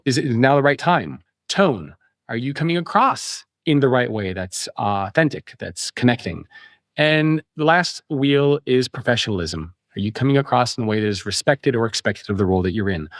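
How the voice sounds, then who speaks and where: A man, an author being interviewed on a podcast, explaining ideas in an animated way and acting out quoted voices. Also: mid-range voice, dry recording, studio quality.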